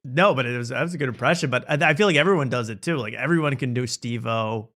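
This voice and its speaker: A man hosts a loose comedy talk show with a mid-range voice. He riffs sarcastically and jumps quickly from one jab to the next. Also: medium pitch, a bit bright. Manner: sarcastic, rapid riffing.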